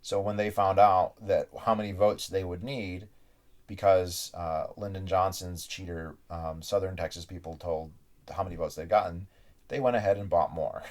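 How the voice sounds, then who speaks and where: A man with a notably deep, low-pitched voice reviews a book in a relaxed, unscripted way. He talks like he is telling a friend a story, winding through anecdotes with little asides.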